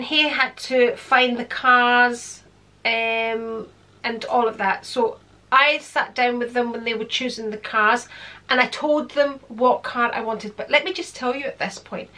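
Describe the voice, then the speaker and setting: A woman's voice: on the high side, unhurried, sharp tone. A woman, telling a long personal story in a chatty, rambling way full of fillers. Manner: chatty, digressive, with frequent fillers. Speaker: vlogger. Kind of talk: casual storytelling.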